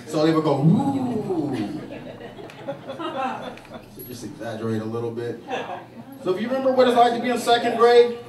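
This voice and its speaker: A man working a saloon stage as a stand-up comic, rambling through his stories with fillers and restarts. His voice sits fairly high. The recording is distant and echoey, with a crowd audible around him. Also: steady tone, fast talker. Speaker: stand-up comedian. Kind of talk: stand-up routine. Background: audience laughing.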